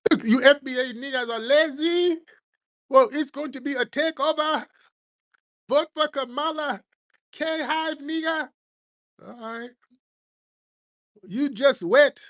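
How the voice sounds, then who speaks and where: A man voicing a boastful immigrant man, in high, exaggerated, sing-song mockery. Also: slow, pauses often, a bit bright, dry recording, exaggerated voice. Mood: taunting. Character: boastful immigrant man mocking and later fawning.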